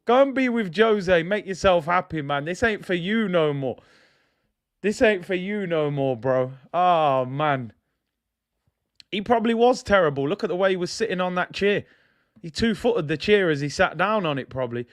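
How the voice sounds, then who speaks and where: Man, young adult, slightly high voice, slangy animated fan rant. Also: normal speed. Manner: animated, slangy, ranting with laughs. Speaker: football fan channel host. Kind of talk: casual fan commentary.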